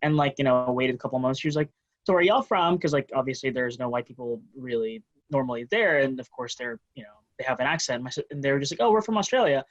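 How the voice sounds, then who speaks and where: A man from Texas telling a quick story on a casual video call. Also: mid-range voice, steady tone. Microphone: computer mic on a video call. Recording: dull lo-fi video call audio.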